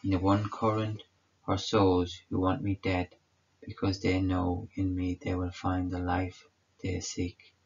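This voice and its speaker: A man voicing a suffering man of sorrows who speaks in a hushed, measured way. The voice is very deep and gravelly, the delivery slow, and it is heard through a dull lo-fi recording. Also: monotone, slight background noise. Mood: sorrowful.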